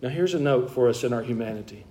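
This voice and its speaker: A man's voice: medium pitch, expressive, fast talker, a little mellow. A man preaching a sermon in an earnest, emphatic way, restarting phrases and pressing key points. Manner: earnest, emphatic, with frequent restarts and rising stresses.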